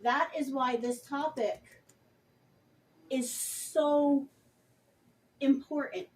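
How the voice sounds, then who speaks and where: Woman vlogging, high voice, passionate and emphatic, kinda far from the mic. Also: slow pace, pauses often. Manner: passionate, emphatic, addresses viewers directly. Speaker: vlogger reviewing a book. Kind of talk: earnest direct-to-camera talk.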